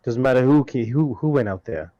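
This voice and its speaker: A man playing a tabletop game, often speaking in character in a calm, reassuring way. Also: medium pitch, fairly quick, no echo, highs cut off. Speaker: player. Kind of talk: casual tabletop game chat.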